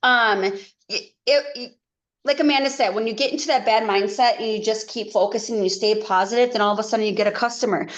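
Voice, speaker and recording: A woman's voice: a little high, steady tone. Chatty woman leading a team call. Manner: chatty, encouraging, quick asides. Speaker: team leader hosting a video call. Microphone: video call.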